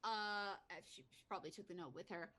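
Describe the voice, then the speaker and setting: A woman's voice: medium pitch, fairly quick, bright, forceful tone. A woman playing a tabletop game, chatting in an unsure, casual way. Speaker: player. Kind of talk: casual tabletop role-play.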